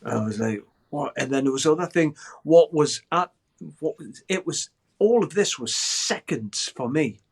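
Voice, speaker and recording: A man in his sixties, a guest musician, telling a story in a podcast interview with lots of swearing and shouted quoted lines. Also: fairly high pitch, lively intonation, a little slow, slightly rough.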